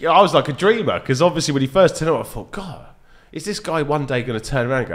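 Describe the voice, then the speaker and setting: A man, a dart reviewer guest, chatting casually on a podcast and telling animated stories with frequent laughs and fillers. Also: fairly high pitch, fast. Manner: animated storyteller, laughs often, lots of fillers.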